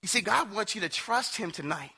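Guy preaching, chatty storytelling sermon, real bright voice, kinda high. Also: brisk, creaky, slightly rough. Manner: conversational storytelling, quoting others in animated asides.

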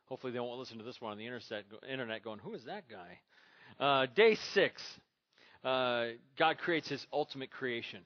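A pastor from Minnesota preaching a sermon, moving from relaxed storytelling into emphatic scripture reading. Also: male voice, mid-range voice, fairly quick, lo-fi sound.

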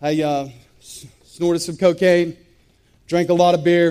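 A man's voice: on the high side, little pitch movement, unhurried, pauses often, a little mellow, clean tone. A man giving an intense, emphatic personal testimony, repeating phrases for weight. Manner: intense, repetitive, emphatic storytelling. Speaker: testimony speaker.

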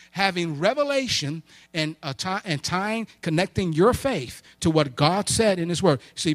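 The recording is dry, and the man's voice is a little high as he preaches a sermon built around personal stories. He speaks emphatically in call-and-response style, often supplying answers to his own questions.

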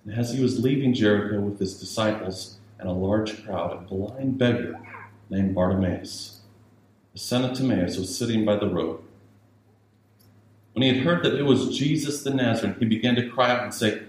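A man's voice: lowish voice, moderate pace, a little mellow. A male pastor preaching a sermon with emphatic repetition, building to raised urgency. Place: church sanctuary. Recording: very echoey church with faint hiss.

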